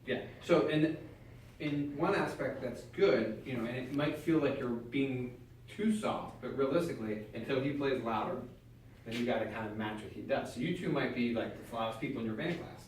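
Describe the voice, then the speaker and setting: In a band room, a man working as a clinician coaches a small student brass ensemble, counting the players in with direct, encouraging words at a normal speed. His voice is middle-pitched. He's picked up from some distance in an echoey room with faint background noise.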